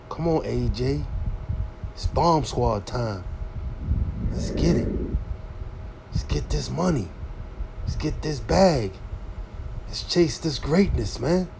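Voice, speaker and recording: A man's voice: on the high side, gravelly, dark tone. Man hyping a fight over a noisy hum. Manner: goading, repetitive hype calls. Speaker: boxing channel host. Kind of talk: hyped trash-talking commentary.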